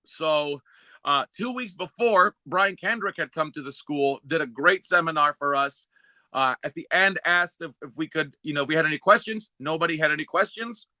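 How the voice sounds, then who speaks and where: A man's voice: fairly high pitch, normal speed, dry recording. A man on a casual podcast, a co-host and former wrestler telling stories and acting out the other people in them. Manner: lively storyteller, acts out the other people in his stories.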